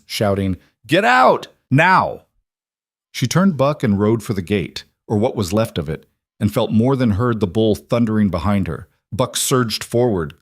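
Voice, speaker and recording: A man giving scripted storybook narration of a western tale, dramatic and measured, in a dry, close recording. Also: fairly low pitch, a little mellow, no room sound.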